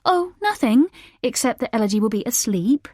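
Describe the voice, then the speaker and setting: A woman voicing an irritable, scheming young mother in an audiobook, with a sharp, sarcastic manner. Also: medium pitch, normal speed, no echo, studio quality, lightly acted.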